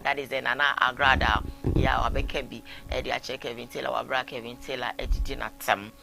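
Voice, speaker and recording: A man's voice: medium pitch, fairly quick, vocal fry, faint music behind. A Ghanaian man hosting a live talk show, reading out viewer messages and mixing English with Twi. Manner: animated, switching between English and Twi. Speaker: host. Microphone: live-streamed talk show.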